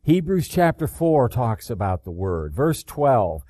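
A man delivering a sermon at an unhurried, measured pace. His voice is mellow and dark, and the sound is dry and close. He reads scripture deliberately, pressing hard on key phrases. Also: mid-range voice, big pitch swings, no room sound. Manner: slow, deliberate reading of scripture with emphatic rises. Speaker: preacher.

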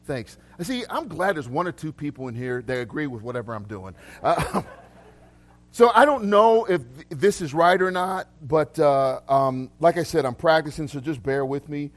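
A man's voice: a little high, animated, moderate pace. A man preaching a casual sermon to a congregation, chatty and loose, often laughing and restarting his sentences. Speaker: pastor. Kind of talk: casual live sermon with prophetic words. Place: church hall with congregation.

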